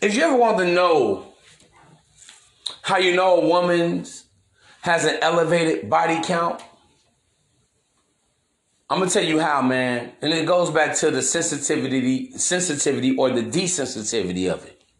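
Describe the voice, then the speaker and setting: A man's voice: on the high side, lively intonation, moderate pace, pauses often, roomy sound. A man hosting a podcast in a brash, preachy monologue, full of slang and swearing. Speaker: podcast host. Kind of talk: casual monologue.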